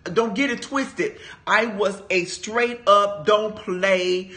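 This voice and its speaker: A woman in her fifties shares a personal testimony during a Bible study. Her voice is bright and forceful, and her storytelling is animated and emphatic, as if she is talking right to a room of friends. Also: medium pitch, slow pace. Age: 50s. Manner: animated, emphatic storytelling, addressing listeners as "y'all".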